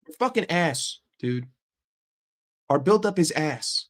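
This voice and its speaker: American male football fan ranting, heated and sweary, slightly higher voice. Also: lively intonation, slow pace, fairly bright tone. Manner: profane, heated, emphatic repetition. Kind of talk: casual reaction rant.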